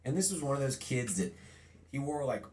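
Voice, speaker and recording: A middle-aged man being interviewed, telling a childhood story in a lively storytelling way and acting out remembered lines. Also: medium pitch, brisk. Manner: animated storyteller, acts out quotes. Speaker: guest.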